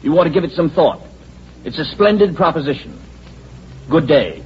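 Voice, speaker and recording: A man's voice: on the high side, expressive, normal speed, a little hiss or hum, lightly acted. A man playing a suave scheming tycoon. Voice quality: suave, sneering, condescending. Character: smooth, scheming male company president, mocking. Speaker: corporate president. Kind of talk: 1940s radio acting. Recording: dull lo-fi old radio recording.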